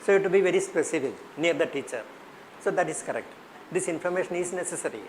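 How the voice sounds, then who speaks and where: A man's voice: a little high, expressive, quick pace, poor audio. Man, Indian English accent, workshop trainer, asks the class questions, faint background hiss. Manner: questioning, repeats points to the class. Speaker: teacher trainer. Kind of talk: interactive workshop teaching.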